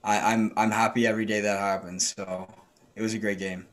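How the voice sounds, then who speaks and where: Soft, halting low-voiced man. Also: flat delivery. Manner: halting, soft-spoken, many restarts. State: tired. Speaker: podcast co-host. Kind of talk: casual hockey podcast chat.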